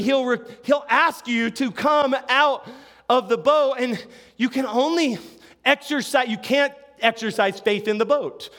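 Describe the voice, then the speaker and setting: A middle-aged man with a notably high voice preaches a sermon. He talks conversationally, telling stories with asides, restarts and quick check-ins with his listeners. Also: fairly bright tone. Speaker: pastor.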